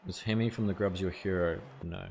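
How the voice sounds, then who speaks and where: A man's voice: deep voice, steady tone, fairly quick, a little mellow, slight background noise. A man streaming a cricket video game live, chatting casually with viewers and swearing now and then. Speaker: gaming streamer.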